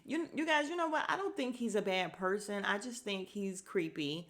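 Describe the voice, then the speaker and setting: A woman's voice: medium pitch, moderate pace, a bit bright. A woman hosting a podcast, chatting casually and gossiping through a reality show recap, talking to her listeners with fillers and asides. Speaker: podcast host.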